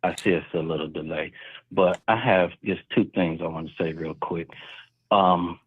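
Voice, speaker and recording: A man's voice: sits low, steady tone, normal speed, breathy edge, narrow, tinny audio. A man calling in to a live show, eagerly retelling sounds and voices he heard on a video. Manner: retells sounds and quotes from a video with rising emphasis. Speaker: caller.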